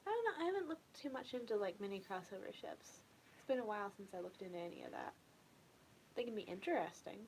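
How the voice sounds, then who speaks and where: Soft-spoken young woman chatting casually. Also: mid-range voice, slight background noise. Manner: relaxed, rambling, often trails off into a whisper. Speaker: ASMR streamer chatting with viewers.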